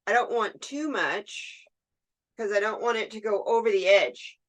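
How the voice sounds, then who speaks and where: A woman's voice: medium pitch, unhurried, a bit bright. A woman hosting a resin art tutorial, chatting casually and talking to herself as she works. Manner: chatty, talks to herself while working, laughs easily. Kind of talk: casual hands-on demonstration.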